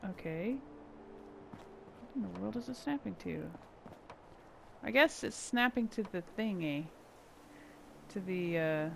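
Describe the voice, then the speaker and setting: A woman talks through her gameplay in an unhurried, muttering way, thinking aloud as she goes. Her voice has a gravelly, fry-tinged edge. A steady background hiss runs under the recording. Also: mid-range voice. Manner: thinking aloud, muttering to herself while building. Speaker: gameplay channel host. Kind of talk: casual gameplay commentary.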